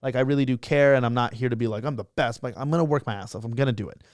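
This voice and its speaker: A young man races through his story as a guest, slipping into the voices of the people he quotes. His voice is smooth and clear. The sound is dry and close. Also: mid-range voice, no echo. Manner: fast, animated storytelling, acts out quotes. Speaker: guest, social media creator. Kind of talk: casual storytelling interview.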